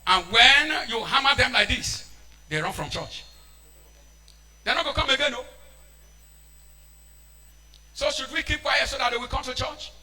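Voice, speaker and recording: A man with a Nigerian accent preaching a sermon, shouting and switching into Pidgin. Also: very high-pitched, normal speed.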